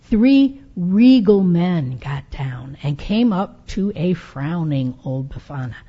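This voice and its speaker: A woman telling a story aloud in a sermon, with a slow, dramatic, expressive delivery. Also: lowish voice, slightly rough. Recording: dull lo-fi recording.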